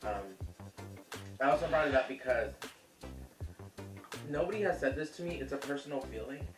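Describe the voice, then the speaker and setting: A sassy, chatty man hosts a casual cooking vlog in a mid-range voice, calling his viewers honey. He sounds a little away from the camera mic in a roomy home kitchen. Music plays clearly in the background. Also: medium pitch, moderate pace, far from the mic. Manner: sassy, calls viewers honey, laughs easily.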